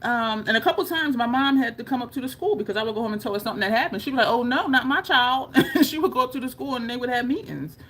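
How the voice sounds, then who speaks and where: A woman's voice: fairly high pitch, lively intonation, very fast, hardly any pauses, fairly bright tone, a little hiss or hum. A woman vlogging to camera in a casual, chatty way, laughing often and showing her jaw as she talks. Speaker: beauty vlogger.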